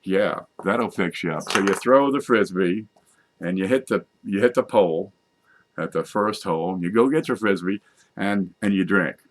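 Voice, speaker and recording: A man's voice: low voice, moderate pace. A middle-aged man talking in a loose, folksy, joking monologue, wandering from idea to idea and correcting himself as he goes. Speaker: vlogger. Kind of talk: rambling comic monologue.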